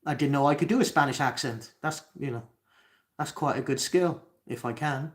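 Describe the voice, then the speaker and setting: With a mid-range voice at ordinary speed, a young Cardiff-accented Welsh host works through chat comments in a live Q&A. He keeps hesitating, restarting sentences and saying um.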